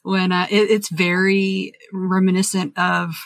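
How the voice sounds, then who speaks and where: A woman's voice: fairly low pitch, flat delivery, measured pace, vocal fry, no room sound. A woman from Roanoke hosting a casual chat, gushing and emotional, laughing often. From Roanoke, Virginia. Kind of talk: casual conversation.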